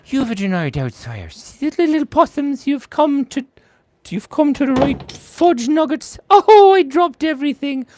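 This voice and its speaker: A man doing an impression of a fussy elderly nanny woman in a shrill, flustered falsetto during a live drawing stream. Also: very animated, moderate pace, darkish tone.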